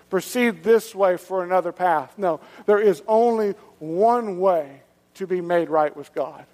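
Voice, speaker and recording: High-voiced animated male preacher. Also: long reverb tail. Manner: animated, conversational preaching with rhetorical questions. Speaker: pastor. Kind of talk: sermon.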